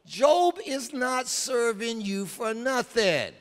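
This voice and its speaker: A preacher putting on a sly taunting devil. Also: male voice, very high voice, sing-song, slow, big-room sound, voice pushed up, heavily acted. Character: sly male devil, smug tempter.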